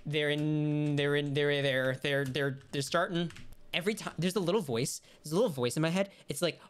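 A woman streamer giving casual commentary over her gameplay, talking to herself and swearing and yelling when she gets frustrated. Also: deep voice, normal speed, smooth. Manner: talks to herself while playing. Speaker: gaming streamer.

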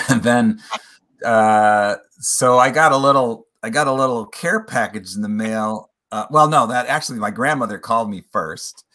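A man guest on an interview podcast, telling a personal family story in an earnest, reflective way that slows on emotional points. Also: mid-range voice, sharp tone. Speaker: podcast guest, playwright and author.

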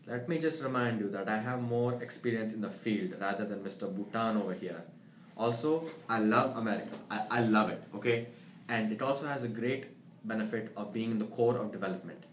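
A man's voice: on the low side, fairly quick, lightly acted. A young man playing an earnest job applicant who recites facts at length in an amateur comedy sketch. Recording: roomy, faint background noise.

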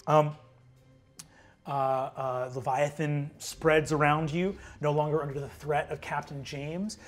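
A man narrating a tabletop game as game master, lively and peppered with fillers between vivid scene-setting. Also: a little high, slow, soft background music.

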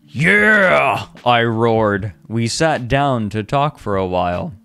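A man streaming a comedic dramatic reading, deadpan and slow, with laughing asides. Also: on the low side, clear, resonant tone. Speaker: streamer reading a fanfic aloud.

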